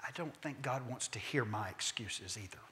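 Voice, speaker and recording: Bright-voiced preacher in a reverberant church. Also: male voice, mid-range voice, expressive, slight background noise. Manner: emphatic storytelling preacher who slows for key points; humorous asides. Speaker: pastor. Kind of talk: sermon. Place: church sanctuary. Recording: long reverb of a church sanctuary.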